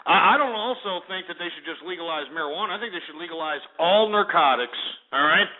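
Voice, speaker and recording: A man's voice: a little high, lively intonation, quick pace. A man hosting a call-in radio show, ranting and insulting callers in an abrasive manner. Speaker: radio host. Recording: tinny phone-like audio.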